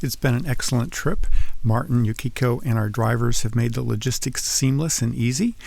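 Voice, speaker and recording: A man on a tour giving polite, steady praise. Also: medium pitch, a little fast, vocal fry, dry recording. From Minnesota. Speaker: tour guest.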